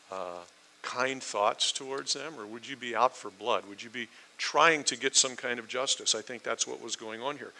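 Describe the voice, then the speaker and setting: An American man preaches a Bible-teaching sermon, putting questions to his listeners and acting out the scenes he describes. His delivery is animated and his tone is very bright and crisp. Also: medium pitch, rough recording. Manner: animated, asks listeners questions, acts out quotes.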